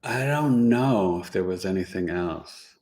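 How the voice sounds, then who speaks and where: Man telling lively family stories. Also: low-pitched, measured pace. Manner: animated, laughing anecdotes with sound effects. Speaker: podcast host and astrologer. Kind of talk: casual storytelling chat.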